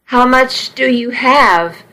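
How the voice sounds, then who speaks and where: A woman's voice: high voice, slow pace, pushed and bright, voice pushed up, exaggerated voice, poor audio. A woman voicing a blunt, exasperated trucker. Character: weary, gruff male trucker, soft-hearted.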